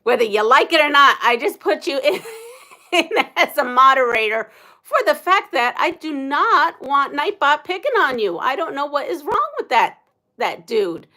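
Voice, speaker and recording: A woman's voice: sits high, very animated, moderate pace, sharp tone. A woman hosting a casual livestream, chatting and laughing with viewers. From United States. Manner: chatty, laughs often, reads viewer comments aloud. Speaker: livestream host.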